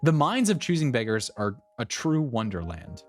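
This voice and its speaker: Lively man reading stories over music. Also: mid-range voice, normal speed. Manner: lively, conversational, amused asides. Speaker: narrator of reader stories. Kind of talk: reading online posts aloud with commentary.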